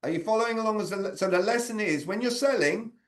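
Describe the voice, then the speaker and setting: A man with a fairly high voice coaches a group over a video call. He keeps the talk conversational, stopping to put questions to people by name. His tone is that of an interactive training session on sales communication. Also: fast talker.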